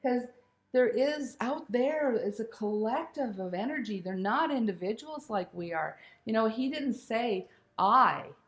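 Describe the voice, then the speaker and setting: A woman telling a personal spiritual story in a candid, animated way, swearing casually and laughing as she goes. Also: fairly high pitch, measured pace. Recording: roomy echo.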